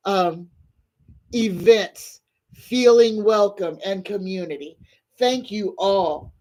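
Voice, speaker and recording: Slow, prayerful woman tarot reader. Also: medium pitch, darkish tone. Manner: slow, prayerful invocations and spoken-aloud questions. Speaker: psychic tarot reader hosting a live stream. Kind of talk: livestream tarot reading with guided prayer.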